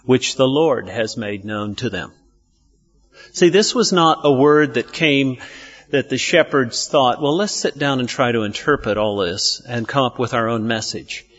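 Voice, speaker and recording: A man's voice: mid-range voice, a little slow, fairly bright tone, muffled recording. A man preaching a sermon, asking his listeners questions and answering them himself. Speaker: pastor.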